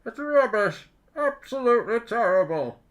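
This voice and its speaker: A man's voice: very high-pitched, very animated, a bit bright, slight background noise, pitched above the performer's own voice, heavily acted, poor audio. A man putting on a masked movie villain's voice, grumbling scornfully about a boring match. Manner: slow, scornful muttering.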